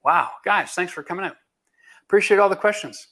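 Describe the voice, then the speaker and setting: A man's voice: high-pitched, fairly quick, sharp tone. A middle-aged man from Canada, a home renovation host answering viewer questions in a blunt, emphatic, folksy way. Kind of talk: live Q&A chat.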